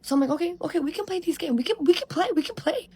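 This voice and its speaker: A woman's voice: very high-pitched, quick pace, dark tone. A young woman in her teens telling a storytime in a chatty, dramatic way, often checking in with "okay?". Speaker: social media storyteller. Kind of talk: casual storytime.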